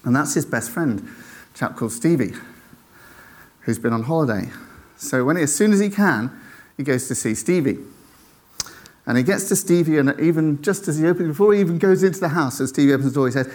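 A man tells a faith story to an audience, animated and acting out the voices of the people in it. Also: a little high, brisk, long pauses. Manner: animated, acts out quoted voices, checks in with "right?".

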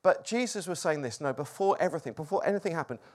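A man preaching a sermon, moving between loud exclamations and hushed, quiet lines. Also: fairly high pitch, expressive, quick pace.

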